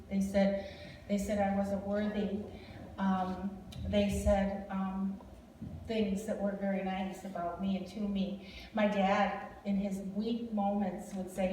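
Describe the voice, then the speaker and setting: A Wisconsin woman with a mid-range, slightly mellow voice prophesies over a family during an informal ministry talk in a large hall. Chatty and quick to laugh, she drifts into rambling asides, heard from far away through echo and slight background noise.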